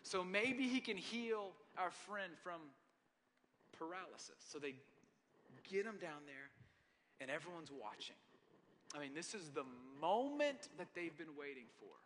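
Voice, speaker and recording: A man's voice: high voice, big pitch swings, unhurried, fairly bright tone, a little hiss or hum. A man preaching a sermon as a pastor, in a humorous, conversational storytelling manner. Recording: long hall reverb.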